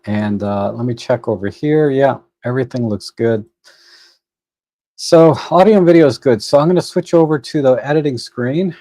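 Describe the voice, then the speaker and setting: A man talks his way through a photo edit on a live stream in a mellow, darker tone. He is casual and unhurried, and he thinks aloud with fillers and restarts. The desk microphone sounds close and dry. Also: mid-range voice, dry recording. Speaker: photo editing livestream host.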